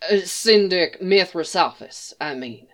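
A woman's voice: sits low, expressive, takes it slowly, pushed and bright, full character voice. A woman reading a story aloud and voicing a wary young male officer, who speaks in a careful, slightly awkward and breathless way. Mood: flustered.

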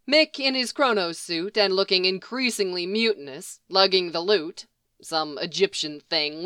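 A woman reading fan fiction aloud as narrator, in steady, unhurried narration. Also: mid-range voice, clear, resonant tone, no echo, clean studio sound. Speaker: reader.

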